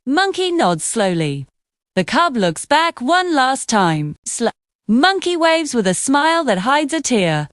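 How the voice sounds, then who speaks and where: Expressive woman narrating a children's story. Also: sits high, takes it slowly, no echo, clean studio sound.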